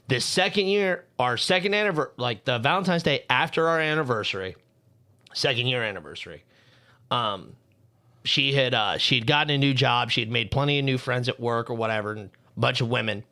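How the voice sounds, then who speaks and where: Young guy ranting hard and swearing a lot on a podcast, pretty bright tone. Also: mid-range voice, expressive, brisk. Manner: angry, profane storytelling. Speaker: podcast co-host. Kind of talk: heated casual podcast rant.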